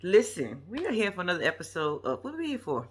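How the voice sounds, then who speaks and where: A woman's voice: on the low side, fast, husky. A woman vlogger reacting to a reality show in casual, chatty commentary. She talks straight to her viewers, slangy and profane, and laughs often. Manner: chatty and animated, addresses viewers directly with slang.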